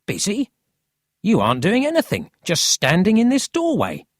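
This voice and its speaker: A narrator voicing a cheeky, excited city boy in a storybook reading. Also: mid-range voice, normal speed, dry recording, studio quality, pitched above the performer's own voice. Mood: teasing.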